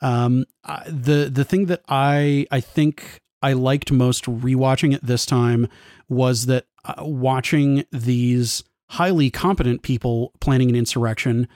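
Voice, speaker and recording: A man's voice: mid-range voice, fairly even intonation, measured pace, darkish tone, no echo. A man with a mid-range voice talks films in a casual discussion. He builds long winding analytical sentences, restarting as he goes. The recording is dry.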